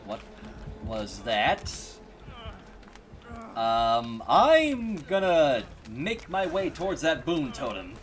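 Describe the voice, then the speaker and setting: A man's voice: mid-range voice, big pitch swings, very slow, pauses often, music in the background. A man streaming a game and commenting live, reacting with sudden yelps and wry remarks to himself. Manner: reacts aloud with startled yelps and wry self-talk.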